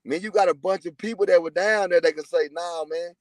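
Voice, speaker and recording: High-voiced profane man. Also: fast, a little mellow, no echo. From Texas. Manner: profane, boastful, rambling storytelling. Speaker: YouTuber telling prison stories. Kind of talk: casual livestream chat.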